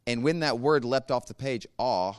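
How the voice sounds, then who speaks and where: Calm, smooth-voiced man teaching prayer. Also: mid-range voice. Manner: calm, measured, gives step-by-step instructions. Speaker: church teacher leading a meditation class. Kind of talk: teaching a guided prayer practice.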